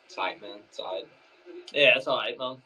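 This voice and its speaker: A man's voice: medium pitch, normal speed, bright, forceful tone. A man talking to a stranger over a video chat in a laid-back, slangy way. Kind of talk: casual video-chat talk. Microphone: video call. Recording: dull video-call audio.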